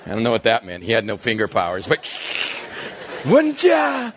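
A man preaching a sermon as pastor, telling a Bible story with animated voices and sudden hushed low asides. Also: rapid-fire.

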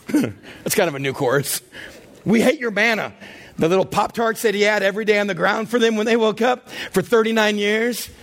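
High-voiced pastor guy, middle-aged, dramatic sermon, gets loud then goes quiet. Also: brisk. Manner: animated, dramatic, swings between loud and hushed.

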